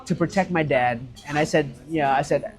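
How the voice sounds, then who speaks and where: A man telling a story in casual chat, animated and swearing freely, acting out what others said. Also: fairly high pitch, a little fast. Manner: animated, swearing, acts out quotes. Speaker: guest, restaurant owner.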